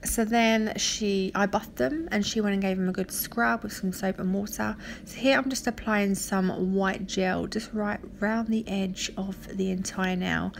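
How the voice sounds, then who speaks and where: Sleepy, gravelly woman talking nails. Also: mid-range voice, a little slow, hardly any pauses, slight background noise. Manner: rambling, relaxed, many fillers. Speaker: nail artist narrating a tutorial. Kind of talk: casual voice-over tutorial.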